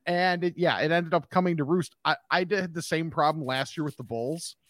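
A man who hosts sports radio, talking in a lively, agreeable way in casual sports chat. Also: fairly high pitch, moderate pace, no echo, studio quality.

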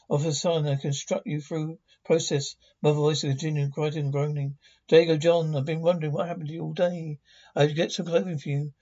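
A man reading all the parts of a TV episode aloud, stumbling over words and speaking the sound cues too, in a husky voice on a dull lo-fi recording. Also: on the high side, darkish tone. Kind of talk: amateur read-along of a TV episode.

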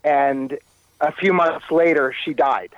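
Halting man telling a harrowing story. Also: on the high side, dry recording, dull audio. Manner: halting, repeats words while recounting. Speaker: interview guest. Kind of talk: telling a personal story in conversation.

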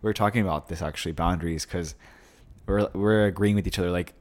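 Very deep-voiced rambling podcast host. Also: male voice, fast talker, a little mellow. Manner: rambling, full of fillers and swearing. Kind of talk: casual chat.

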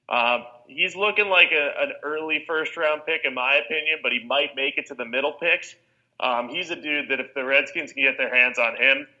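A man's voice: medium pitch, bright, forceful tone, poor audio. A man chatting casually on a sports podcast, giving opinions on draft prospects with frequent ums. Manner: conversational, hedging with ums. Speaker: draft analyst.

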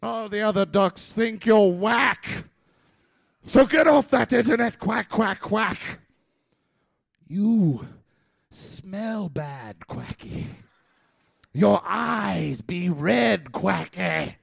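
A man performing a comic slam poem live, theatrical, swinging from loud outbursts to low mutters. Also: animated, extremely slow, gravelly, husky. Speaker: slam poet.

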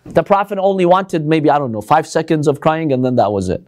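A man lectures a live audience on religion. His voice sits high and swings widely in pitch as he presses his points with one rhetorical question after another. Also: sing-song, a little fast, a little mellow.

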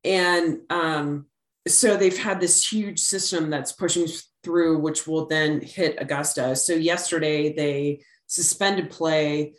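A woman's voice: low-pitched, steady tone, slow pace, roomy sound. A middle-aged woman co-hosting a sports podcast, chatting casually with a rambling, filler-heavy way of talking. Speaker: podcast co-host.

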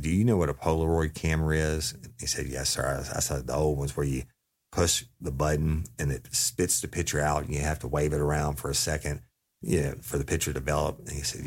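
A man's voice: extremely low pitch, breathy edge. A man telling an audience about a police interrogation, casual and profane, acting out the quoted dialogue. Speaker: storyteller recounting a police interrogation.

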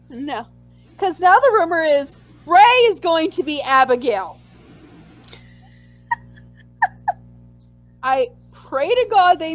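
A woman co-hosting a casual chat, animated and acting out her own reactions in squeals. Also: sits high, dry recording, rough recording. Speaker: podcast co-host.

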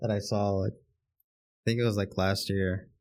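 A man's voice: lowish voice, flat delivery, a little slow, a little mellow. Laid-back young man, casual swearing. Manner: laid-back, swears, laughs while telling a story. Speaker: podcast co-host. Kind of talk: casual chat.

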